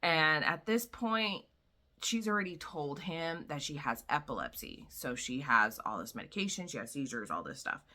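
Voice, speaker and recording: A woman vlogger casually recapping a novel, chatty and full of "like" and "you know", quietly acting out the characters' lines. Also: sits low, very animated, moderate pace. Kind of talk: casual book summary.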